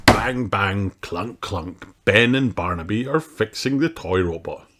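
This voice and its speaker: A man reading a children's story aloud, slow and expressive. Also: on the low side. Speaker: storybook reader. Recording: noisy home recording.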